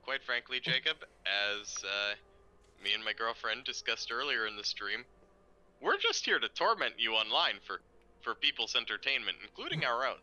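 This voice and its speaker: A man in his twenties with a deep voice, joking and teasing a friend in casual stream chat with halting restarts. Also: lively intonation, sharp tone. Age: 20s.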